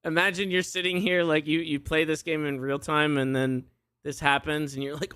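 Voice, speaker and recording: A man's voice: a little high, steady tone, normal speed, bright, forceful tone, clean tone. A man streaming a voice-controlled game live, exasperated, profane and laughing at it. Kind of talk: live gameplay commentary.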